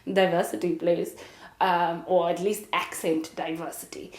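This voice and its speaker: A woman's voice: fairly low pitch, flat delivery, measured pace, a little mellow, reverberant. A young adult woman with a South African English accent, speaking candidly and reflectively in a casual monologue as a podcast host. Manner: candid, reflective, with frequent laughs and fillers.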